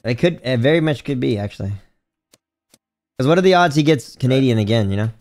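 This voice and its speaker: A man streaming a social deduction game, chatting casually with friends and his viewers, excitable and quick to swear as he thinks out loud. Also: mid-range voice.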